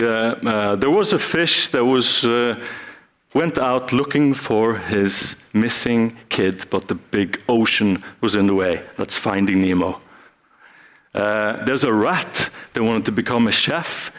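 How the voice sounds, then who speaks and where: A man's voice: medium pitch, fairly bright tone. A man giving a live talk on stage, playfully acting out short scenes with volunteers from the audience. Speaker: speaker.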